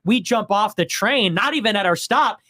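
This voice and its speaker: Young man, podcast guest, wry storytelling, fairly high voice, dry sound. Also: lively intonation, normal speed, bright, forceful tone, no echo. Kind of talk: casual storytelling in conversation.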